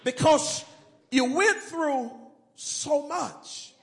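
A man preaching a sermon, leading call-and-response and rising to shouts. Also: very high voice, expressive, drawn-out words, creaky.

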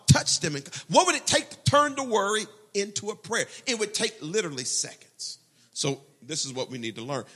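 A man preaching a sermon as pastor, animated, quoting prayers and scripture. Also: on the high side, husky.

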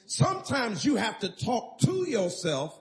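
A man's voice: very high voice, wildly swooping pitch, measured pace. A man preaching a sermon as pastor, emphatic and calling for responses from the congregation.

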